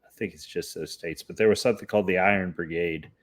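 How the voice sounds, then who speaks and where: A man's voice: sits low, fairly even intonation, fast. A man hosting a casual podcast chat, telling stories and explaining in a searching, hesitant way. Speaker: podcast host.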